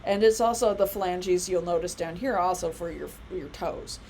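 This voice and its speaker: A woman's voice: lowish voice, normal speed, warm tone, a little hiss or hum, low-quality recording. A woman in her thirties giving a casual biology lecture, chatty and rambling with many fillers and asides. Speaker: college biology instructor.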